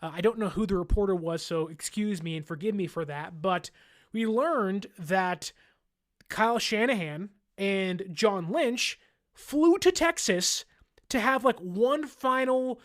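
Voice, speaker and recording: A man's voice: sits high, lively intonation, measured pace, fairly bright tone. Chatty male sports podcast host. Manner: chatty, laughs often, mimics fans in exaggerated voices. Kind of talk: casual sports talk.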